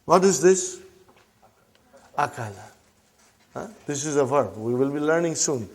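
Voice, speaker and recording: A man leads a classroom language lesson in a slightly higher than usual voice. He says each phrase slowly and repeats it, then stops often to ask his students if they follow. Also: expressive. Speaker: Arabic language teacher.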